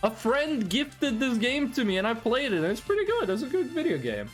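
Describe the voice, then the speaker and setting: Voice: mid-range voice, fairly quick, faint music behind. A native Norwegian speaker streaming games from a room at home, rambling and joking in casual chat, swearing now and then. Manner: animated, rambling, jokey, swears. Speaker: game streamer.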